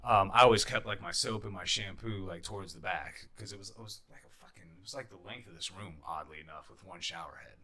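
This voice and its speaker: A young man with a low but bright, forceful voice tells stories as a podcast guest. His talk is casual and lively, and he swears freely. He acts out the people in his stories as he goes. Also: fast talker, creaky, hardly any pauses. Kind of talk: casual storytelling.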